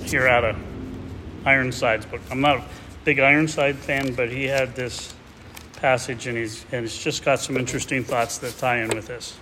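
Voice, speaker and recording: A male pastor talks through a sermon in a conversational, reflective way, restarting his sentences now and then. His mid-pitched voice carries a long reverb tail from a large hall, with a faint hiss behind it. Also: steady tone, normal speed, sharp tone. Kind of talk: expository sermon with a read-aloud excerpt.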